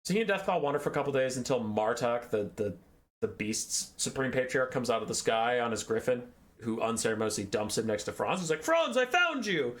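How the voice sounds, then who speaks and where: Man, gaming host, casual lore recap, profane, digressive, middle-pitched voice. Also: brisk.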